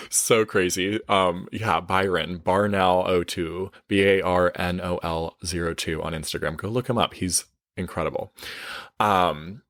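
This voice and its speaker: Chatty, expressive man with a lowish voice. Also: a little slow, no echo, studio quality. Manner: chatty and expressive, swears, corrects himself mid-sentence. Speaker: life coach. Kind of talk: casual storytelling monologue.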